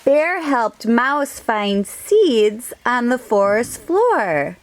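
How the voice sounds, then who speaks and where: A woman hosting a children's storytime, reading a picture book aloud gently and asking the children questions. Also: a little high, very animated, drawn-out words.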